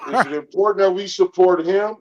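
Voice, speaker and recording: A man's voice: sits high, a little fast. A man co-hosting a casual chat who bluntly pushes back with questions, heard over a muffled remote line. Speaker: co-host.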